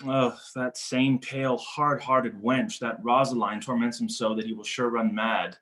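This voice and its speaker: Cold-reading a stage play over a video call, a man voices a witty, mocking young nobleman. His natural, mid-range voice keeps a measured pace while his delivery stays playful, teasing, and animated with wordplay.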